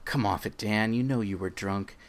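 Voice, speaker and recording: A man reading a story aloud voices a calm, knowing barman who presses his point in a low, insistent way. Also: moderate pace, close to an everyday voice. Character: calm, knowing male barman, quietly relentless.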